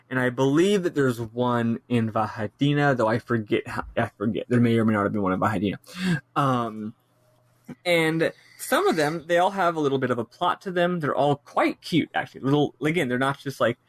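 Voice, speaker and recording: A man co-hosting a casual game podcast, talking in an animated way and laughing at his own complaints. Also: medium pitch, no echo. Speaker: podcast co-host.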